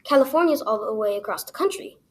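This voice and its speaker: A woman's voice: on the high side, lively intonation, fast, a little hiss or hum, lightly acted. A woman voicing a male bluebird, a worried big brother who speaks in a put-on slangy accent, in a storybook reading. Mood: helpful.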